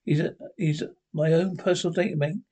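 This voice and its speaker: A man's voice: on the high side, fairly even intonation, fairly quick, mellow, natural voice, low-quality recording. A man reading a fussy kindly professor. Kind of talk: reading a script aloud.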